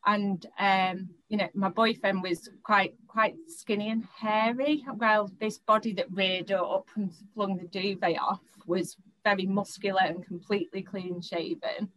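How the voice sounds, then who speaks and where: A woman's voice: mid-range voice, fairly even intonation, measured pace, hardly any pauses, a bit bright, rough recording. A young woman, recounting a personal experience in an interview, often stopping, restarting and repeating words.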